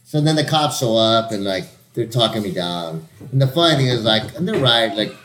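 A man telling a rowdy story in casual chat, swearing constantly and jumping into louder, higher voices to act out what people said. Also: normal speed, a little hiss or hum. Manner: profane, animated, acts out quotes in raised voices.

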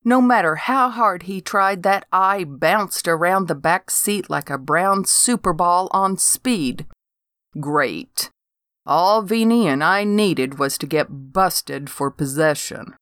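A woman's voice: fairly low pitch, slow, fairly bright tone, no echo. An older woman reading a first-person story aloud with dry, wry humor. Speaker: narrator.

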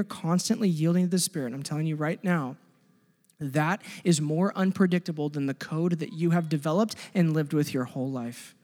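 Male pastor, high voice, impassioned sermon, hushed-to-loud delivery, reverberant church hall. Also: normal speed. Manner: impassioned, swings between loud pleading and hushed intensity.

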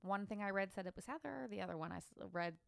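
A woman's voice: mid-range voice, expressive, quick pace, creaky, clear, resonant tone, dry recording, studio quality. Giggly, chatty woman podcast host. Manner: giggly, chatty, filler-heavy. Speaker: podcast co-host presenting the case. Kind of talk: casual chat.

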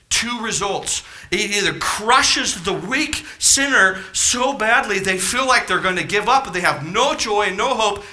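Impassioned preacher man, lively and bright. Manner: impassioned, rising to near-shouts then dropping low; rhetorical questions to the congregation. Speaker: pastor. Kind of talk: sermon.

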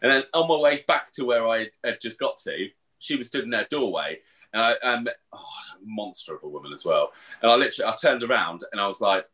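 A man chats on a podcast in a bright, forward voice. His pitch swings widely as he tells sweary, animated stories. The talk is loose and casual. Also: fast. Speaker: podcast co-host. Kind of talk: casual chat.

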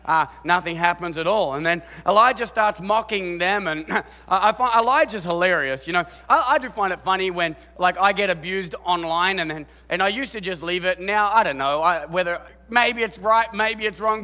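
A man preaching in a bright, high voice that rings through a reverberant hall. He talks in a chatty, animated way, with restarts and playful acted-out lines. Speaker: pastor. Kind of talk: sermon.

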